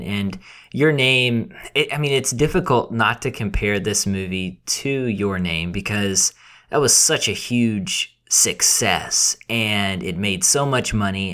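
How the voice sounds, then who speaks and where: A man's voice: lowish voice, expressive, measured pace, a bit bright. A man co-hosting a film review podcast, talking in an easygoing, slightly hesitant way. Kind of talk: conversational podcast talk.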